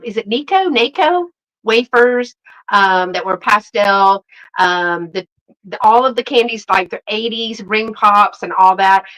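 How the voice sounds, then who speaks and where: A woman's voice: mid-range voice, a bit bright, low-quality recording. A woman hosting a casual live stream, rambling in a chatty way and greeting viewers by name. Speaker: host.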